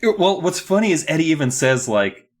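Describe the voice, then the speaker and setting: A man's voice: on the high side, very animated, moderate pace. A man co-hosting a podcast, commenting on a children's book with exasperation. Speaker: podcast co-host. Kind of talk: casual chat, recapping a book.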